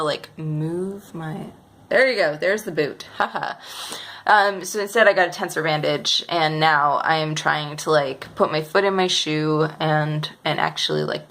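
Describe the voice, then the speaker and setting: Young woman vlogger, lowish voice, loose rambling delivery full of ums and restarts. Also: vocal fry, fairly bright tone. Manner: rambling, hesitant, many fillers and restarts. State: sleepy, yawning. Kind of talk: casual weekly update vlog.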